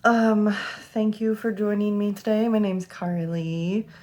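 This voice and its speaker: A woman's voice: mid-range voice, little pitch movement, a little slow, noisy background. A young woman giving a tarot reading to camera, emotional and close to tears, swearing freely as she talks. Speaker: tarot reader.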